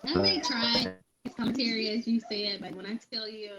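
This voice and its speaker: A woman's voice: fairly high pitch, fairly even intonation, moderate pace, fairly bright tone, soft background music, rough recording. Blunt, emphatic woman in casual chat. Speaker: podcast co-host.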